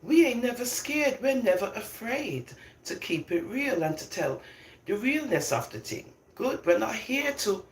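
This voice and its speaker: A slightly high, slightly slow voice comes from an older vlogger from London, recorded with a roomy echo. Her casual monologue is opinionated, emphatic, and animated, punctuated by frequent laughter between points.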